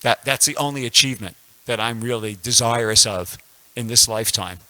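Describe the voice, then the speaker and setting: A man's voice: medium pitch, a little fast, pushed and bright, dry recording, low-quality recording. A man in his sixties giving a casual scripture class at a temple, telling a personal story with many restarts and fillers. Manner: rambling, frequent restarts and fillers.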